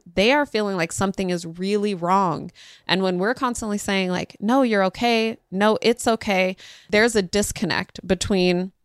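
A woman, a parenting podcast host telling a story casually and acting out quoted voices with sudden pitch jumps. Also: smooth, no echo, studio quality.

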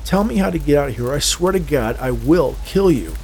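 A man's voice: a little high, animated, brisk, slight background noise, voice pushed up. A man voicing an escaped male convict who is desperate and demanding. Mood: angry. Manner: demanding, rising to shouts.

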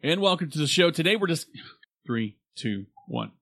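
A man's voice: a little high, very animated, normal speed, vocal fry, a bit bright, no room sound. A man co-hosting a podcast in casual banter, joking and laughing often. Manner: joking, laughs often, does mock accents. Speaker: podcast co-host.

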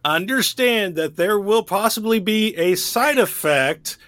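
A man's voice: sits high, animated, measured pace, a bit bright, no echo. A man co-hosting a podcast in casual chat, laughing easily and explaining things at length. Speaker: podcast co-host.

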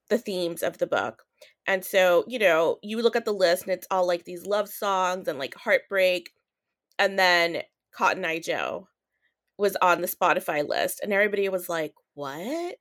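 A woman's voice: lowish voice, fairly bright tone. A woman co-hosting a book podcast, jumping in casually with side notes and trivia. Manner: chatty aside, jumping in with trivia. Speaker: podcast co-host.

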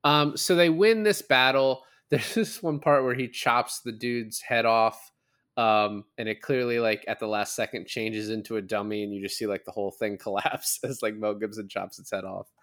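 Chatting about a movie on a podcast he co-hosts, a man rambles through scenes and laughs as he recounts them. He talks at a normal speed in a fairly low, slightly bright voice with fairly even intonation.

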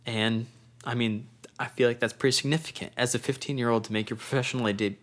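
Guy cohosting a chill chat, middle pitch, just reading off facts and laughing along. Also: fairly even intonation, fast, a bit bright. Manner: laid-back storyteller, reads facts and laughs often. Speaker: podcast co-host. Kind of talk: casual chat.

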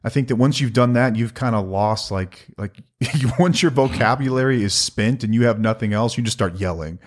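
A middle-aged man co-hosting a casual podcast, talking earnestly and in a measured way, with some playful teasing. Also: medium pitch. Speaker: podcast co-host.

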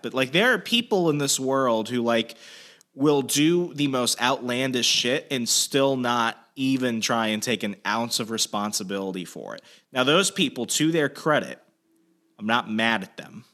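A man hosting a casual chat, telling a story with lots of swearing and shouted quotes. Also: medium pitch. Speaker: host.

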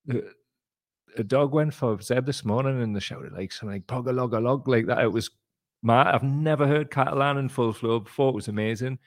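A man's voice: mid-range voice, brisk, dry recording, clean studio sound. A man hosting a casual live-stream chat from a cellar, rambling and jokey. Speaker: show host. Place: temporary cellar room.

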